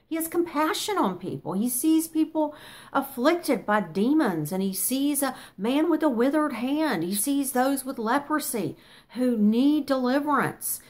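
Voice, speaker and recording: Earnest woman teaching a Bible study. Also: fairly high pitch. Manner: earnest, conversational, reads scripture aloud and explains it.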